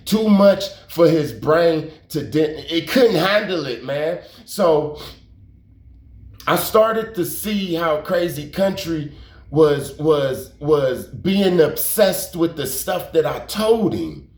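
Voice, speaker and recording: A man with a fairly high voice tells a story in a loose, rambling way. He repeats words, drops slang and curses for emphasis. The room is roomy and echoey. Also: expressive, slow pace, darkish tone. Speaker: YouTube storyteller. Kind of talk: casual storytelling monologue. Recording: roomy echo.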